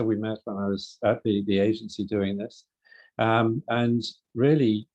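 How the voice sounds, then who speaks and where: A retired government official giving measured introductory remarks at a startup event. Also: male voice, fairly low pitch, darkish tone. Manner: measured, hesitant restarts. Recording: muffled audio.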